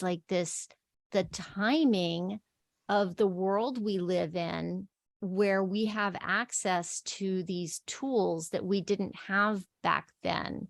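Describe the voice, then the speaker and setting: A woman from El Paso with a light Texan accent, hosting a casual interview and talking enthusiastically with some halting restarts. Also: mid-range voice, creaky, no echo, clean studio sound. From El Paso, Texas. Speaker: podcast host.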